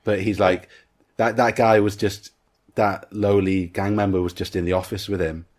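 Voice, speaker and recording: A man with a very deep voice that barely rises or falls talks casually about a film he has watched. He retells scenes in detail and slips into quoting what the characters say. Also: little pitch movement, normal speed, darkish tone. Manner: recounts scenes at length, acting out lines. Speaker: podcast co-host.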